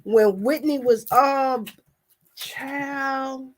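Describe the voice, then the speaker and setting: A woman, talking emotionally as a commentary vlogger, trailing off and restarting as her voice swings between quiet and loud. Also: high voice, extremely slow.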